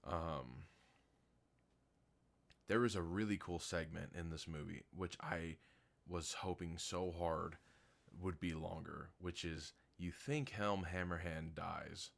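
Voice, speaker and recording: A man with a very low voice gives a loose, unscripted review of a film. He is blunt and critical but laughs easily. His speech is full of fillers like "like" and "um". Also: steady tone, takes it slowly, vocal fry. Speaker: movie reviewer. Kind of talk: casual spoken movie review.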